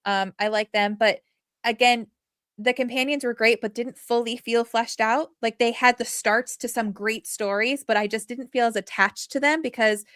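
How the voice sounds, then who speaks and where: A woman co-hosting a podcast in casual chat, animated and rambling with many fillers. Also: on the high side, moderate pace, dry recording, studio quality. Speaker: podcast co-host.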